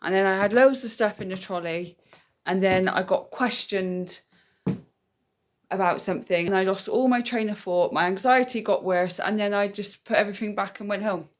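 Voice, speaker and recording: A woman's voice: medium pitch, normal speed. A young adult woman, candidly chatting to camera in a casual vlog and often repeating herself. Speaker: vlogger.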